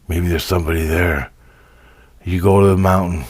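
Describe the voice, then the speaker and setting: A man's voice: low voice, steady tone, moderate pace, breathy edge, no room sound. A man talking in a casual spiritual vlog monologue, ranting profanely and in frustration.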